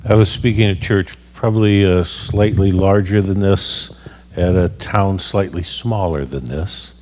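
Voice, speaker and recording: A man's voice: low-pitched, fairly even intonation, a little slow, darkish tone, in a large hall. A man preaching as a guest speaker, telling a story in a conversational, wry way. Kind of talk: sermon storytelling.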